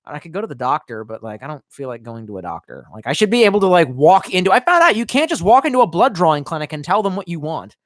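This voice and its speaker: A drunk-sounding man in his 20s chats on a live stream, reads comments from chat, and cusses constantly, his rambling lurching between shouts and mutters. Very animated and fairly high-pitched, he speaks quickly with few pauses, recorded dry and clean in a studio.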